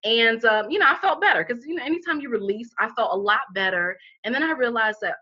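Speaking fast with hardly any pauses, this middle-aged woman has a slightly high, husky, sharp voice with lively intonation. As an interview guest who founded a healing center, she recounts her personal story emphatically and candidly, peppering it with "you know," on a dull lo-fi recording.

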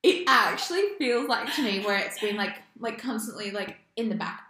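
A woman's voice: a little high, animated, moderate pace, sharp tone. A woman co-hosting a casual podcast chat, laughing a lot and swearing casually. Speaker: podcast co-host. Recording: echoey room.

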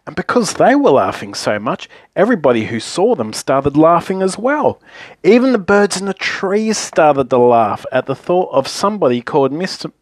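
A man reading a children's story aloud in a playful, lively, repetitive way. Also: fairly high pitch, dry recording.

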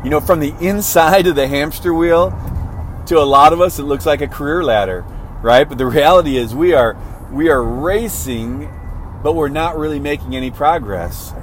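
A motivational speaker gives a conversational talk, often checking in with "right?" and restarting his phrases. His voice is on the high side at a moderate pace, with a little hiss or hum in the recording.

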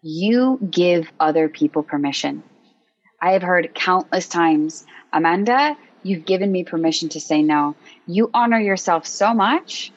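A woman's voice: deep voice, lo-fi sound. A woman hosting a podcast in casual conversation, talking in an emphatic, earnest way and swearing freely. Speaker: podcast host.

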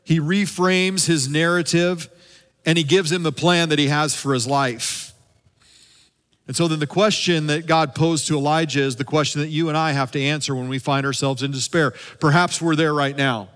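A man who is a lead pastor, preaching a sermon and dropping at times into a soft, hushed voice for emphasis. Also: fairly high pitch, steady tone, moderate pace, clean tone, big-room sound. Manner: preaching with dramatic drops to a soft hush.

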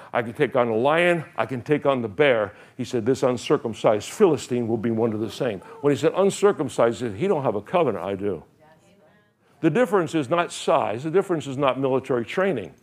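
A man's voice: mid-range voice, animated, a little fast. A middle-aged male pastor preaching a sermon, animatedly retelling Bible stories and acting out the characters' lines with frequent laughter.

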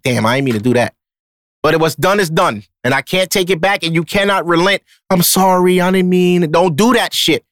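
Podcast host, male, slightly raised pitch, blunt and profane, casual monologue, dry close sound. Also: a bit bright, no echo.

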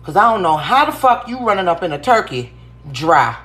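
A woman in a comedy sketch, gossiping loudly in a brash, profane way. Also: lowish voice, big pitch swings, brisk, slight background noise.

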